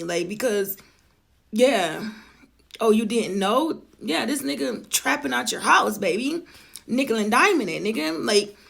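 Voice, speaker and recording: A woman in her forties telling a personal story in a blunt, profane and animated way. She talks quickly and emphatically, turns to the audience with asides, and slows down to stress her points. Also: medium pitch, creaky. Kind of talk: casual storytime monologue.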